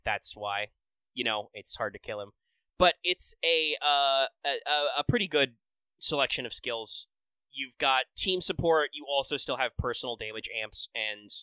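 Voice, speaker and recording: A man's voice: mid-range voice, sharp tone, clean tone, dry recording, rough recording. A man hosting a casual podcast, enthusiastically breaking down game details with many fillers. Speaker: podcast host. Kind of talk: casual podcast chat about a mobile game.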